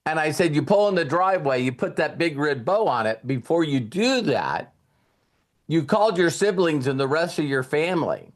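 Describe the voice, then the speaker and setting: A man's voice: on the high side, animated, moderate pace. A man giving a casual motivational talk, telling a story and retelling conversations with repeated words and restarts. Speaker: motivational speaker.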